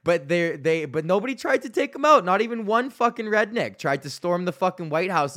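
A man's voice: high-pitched, animated, brisk, few pauses, fairly bright tone. A male comedian hosting a solo podcast, ranting in a loose, rambling, profane way.

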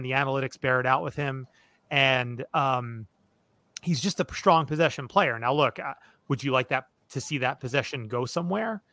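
A man hosts a relaxed podcast chat in a bright, forceful voice. He reasons through his points with a lot of "you know" and restarts. The recording is dry, with no room sound. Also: mid-range voice, dry recording. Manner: thoughtful, analytical, many fillers and restarts. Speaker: podcast host. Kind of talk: casual chat.

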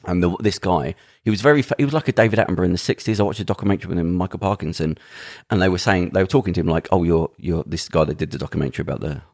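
A man with a very low, gravelly voice, talking quickly on a casual podcast. He tells stories in a rambling, earnest way and often restarts his sentences. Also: a little mellow. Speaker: podcast co-host.

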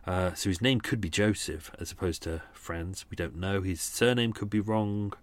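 A man's voice: low-pitched, moderate pace, no echo. A man hosting a podcast, talking casually in a rambling, hesitant way with many restarts, then running a quiz. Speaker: podcast host.

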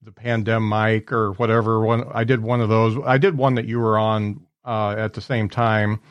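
A man hosting a podcast who talks in a relaxed, easygoing way and often gives short affirmations. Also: fairly low pitch, normal speed, dry recording, muffled recording. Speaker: podcast host. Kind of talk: podcast conversation.

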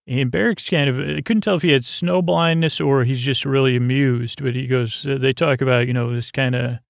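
A man's voice: mid-range voice, steady tone, moderate pace, creaky, dry recording. A man hosting a podcast, recapping a TV episode in a rambling, casual way with lots of fillers. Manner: rambling, loose paraphrase with many fillers.

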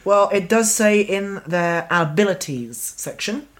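A woman's voice: medium pitch, a little slow. A woman with a Cornish accent co-hosts a casual podcast in a mid-range voice. She reads facts aloud in a rambling way and often breaks into giggles. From Cornwall. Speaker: podcast co-host. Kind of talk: casual chat.

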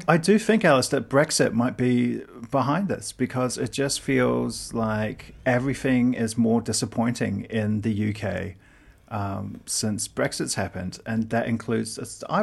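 A man's voice: medium pitch, unhurried, creaky, slightly rough. A man from the Pacific region, a guest comedian telling a mock-outraged story in casual podcast chat.

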